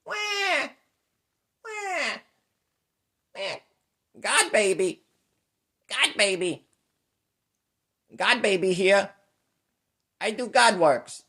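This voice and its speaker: A man's voice: sits high, very animated, very slow, long pauses, pushed and bright, voice pushed up, exaggerated voice. A man voicing a boastful, bawling baby who calls himself God, wailing shrilly and scornfully. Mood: mocking wails.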